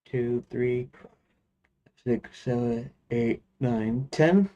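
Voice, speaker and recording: A man's voice: mid-range voice, extremely slow, mellow. A man streaming his game development work, thinking aloud as he goes, with restarts and counting under his breath. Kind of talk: casual work-along commentary.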